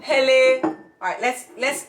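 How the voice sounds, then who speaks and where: A woman's voice: high-pitched, a little slow, a little hiss or hum, rough recording. A woman from Jamaica with a Jamaican accent, co-hosting a casual chat in a teasing, chatty way. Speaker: co-host.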